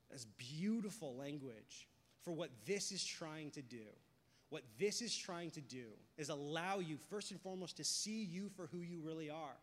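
A young man preaching a sermon, talking casually and telling stories, going from hushed to loud and excited. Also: on the high side, normal speed. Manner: conversational, storytelling, swings from hushed to loud and excited. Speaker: pastor. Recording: long hall reverb.

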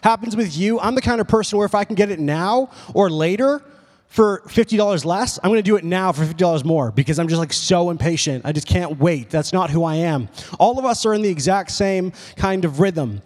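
A young man preaching a casual, animated sermon, telling stories with lots of "like"s. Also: high voice, brisk. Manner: casual, animated storytelling with many "like"s. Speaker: pastor. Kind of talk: youth sermon. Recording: long reverb of a hall.

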